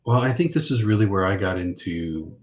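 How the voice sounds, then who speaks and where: Low-voiced man telling animated stories. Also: brisk. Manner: animated storyteller acting out phone calls. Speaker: guest. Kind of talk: interview.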